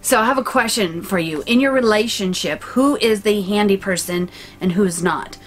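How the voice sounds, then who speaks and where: A woman speaks in an easy, chatty way and teases her partner as she addresses viewers. She keeps things light and talks freely. Faint music plays underneath. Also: mid-range voice. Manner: chatty, teasing, quick to laugh. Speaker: vlog co-host. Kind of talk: casual chat.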